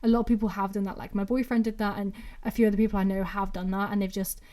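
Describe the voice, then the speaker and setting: Rambling on her own podcast, this English woman in her twenties keeps up a casual, chatty solo monologue packed with "like." Her accent is a blend of Brummie and Mancunian, and she talks fast in a mellow, medium-pitched voice with a flat delivery.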